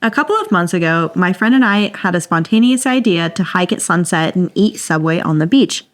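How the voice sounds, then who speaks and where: A woman's voice: lowish voice, expressive, a little fast. A woman co-hosting a podcast, reading a listener's story aloud in a playful, dramatic way and laughing often. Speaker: podcast co-host.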